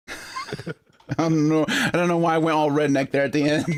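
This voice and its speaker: Man from Michigan with a Michigan accent, slightly high voice, laid-back podcast co-host who laughs easily. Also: steady tone, a little slow, long pauses. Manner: laughs often, swears casually. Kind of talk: casual chat.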